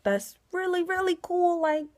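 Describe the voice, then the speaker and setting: A young woman vlogging to camera, telling a story in a casual, animated way that jumps into loud, high re-enactments and drops to hushed asides. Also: unhurried. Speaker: trucking vlogger.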